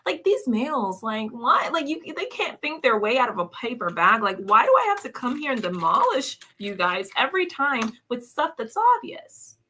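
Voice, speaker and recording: A fairly high, bright woman's voice that swings widely up and down. She hosts a reaction commentary and sounds scornful and combative, hammering the same questions again and again. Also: very animated, normal speed, hardly any pauses, husky. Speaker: commentary host reacting to clips.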